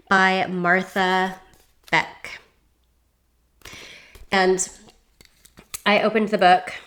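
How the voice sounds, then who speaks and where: A woman's voice: mid-range voice, a bit bright. A woman hosting an astrology show, musing aloud in a reflective, circling way with frequent rhetorical checks. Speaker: astrology podcast host. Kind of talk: reflective podcast monologue.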